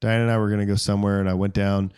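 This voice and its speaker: A man's voice: lowish voice, flat delivery, racing, a little mellow, clear, resonant tone. A man co-hosting a casual podcast, telling rambling stories and mimicking other people's voices as he goes. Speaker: podcast co-host. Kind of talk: casual chat.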